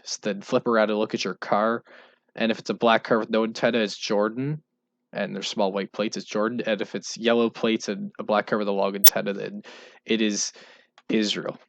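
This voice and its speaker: A man giving a casual instructional voice-over on game tips, relaxed and loose, with fillers and restarts. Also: on the low side, brisk, vocal fry, no room sound. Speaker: video creator explaining game tips.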